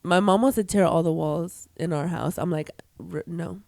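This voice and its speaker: A woman's voice: fairly low pitch, moderate pace, gravelly, a little mellow, dry recording, clean studio sound. A woman from Texas co-hosting a podcast, teasing and bantering in a casual chat. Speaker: podcast co-host.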